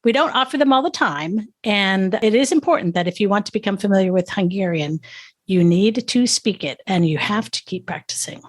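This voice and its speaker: A woman's voice: medium pitch, animated, fairly quick. A woman hosting a language-learning podcast, upbeat and encouraging in a casual chatty way. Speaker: podcast host.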